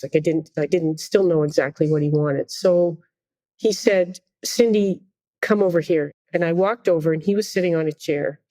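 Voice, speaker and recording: A middle-aged woman, a conductor, telling a story in a podcast interview, animated, acting out quotes and laughing often. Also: low-pitched, dry recording. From Canada. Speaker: guest conductor.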